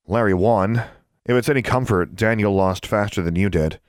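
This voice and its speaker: A man's voice: on the low side, normal speed, dry recording, studio quality, close to an everyday voice. A man voicing a firm, encouraging older teenage witch girl.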